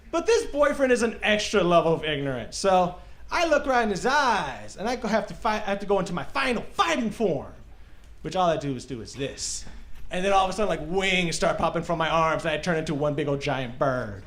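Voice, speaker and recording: Young male stand-up comic, high and lively delivery, self-deprecating, club stage mic. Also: a little fast. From Texas. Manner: animated, self-mocking, loud bursts for acted bits. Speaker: stand-up comedian. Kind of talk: stand-up comedy set. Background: audience laughter.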